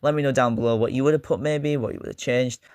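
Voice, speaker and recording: A man's voice: mid-range voice, steady tone, fast, darkish tone, dry recording. A man hosting a casual vlog, talking in a rambling, joking way with self-mocking asides. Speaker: YouTube host.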